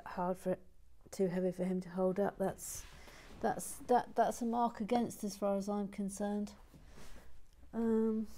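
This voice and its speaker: A woman's voice: medium pitch, warm tone. A woman chatting casually as she builds toys, with wry, playful remarks and frequent whispered asides. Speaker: host. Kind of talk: casual narration of a toy build.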